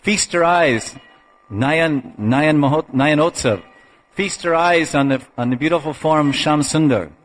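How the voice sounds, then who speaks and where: Man giving an unhurried devotional lecture. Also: a little high, slight background noise, poor audio. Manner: unhurried, halting storyteller with restarts and soft laughs. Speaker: spiritual lecturer.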